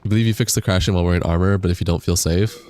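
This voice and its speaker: A man's voice: sits low, steady tone, racing, a little mellow. A man live-streaming a game on a desk microphone, chatting casually, reading chat aloud, laughing and swearing now and then. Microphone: desk USB microphone.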